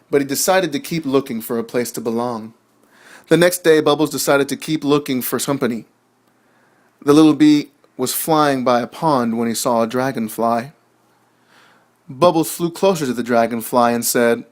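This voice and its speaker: Young man reading a gentle storybook. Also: mid-range voice, moderate pace. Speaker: narrator. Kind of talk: storybook narration.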